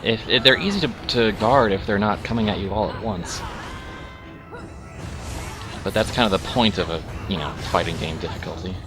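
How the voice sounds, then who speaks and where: A man's voice: on the low side, normal speed, pauses often. A man streaming a game and chatting while he plays, distracted by the game. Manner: distracted, focused on playing. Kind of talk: casual chat while playing. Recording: game music loud behind.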